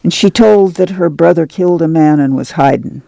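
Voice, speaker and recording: Man doing an anxious farm mother, gravelly, low warm tone, folksy talk, audiobook reading, dry sound. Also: moderate pace, no echo. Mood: uneasy. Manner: folksy rural dialect, pleading and stern. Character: worried poor farm mother, middle-aged woman, tender but firm.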